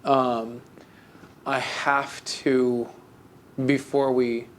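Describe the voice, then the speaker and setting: A podcast co-host speaks extremely slowly in a medium-pitched, level voice. Chatting casually, he tells a story with mock melancholy, rambling with many fillers and restarts.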